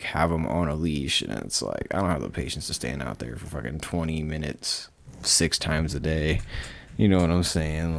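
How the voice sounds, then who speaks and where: A man chatting as a podcast guest, rambling and swearing through animated stories. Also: deep voice, vocal fry, no room sound. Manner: profane, rambling, animated storytelling. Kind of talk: casual chat.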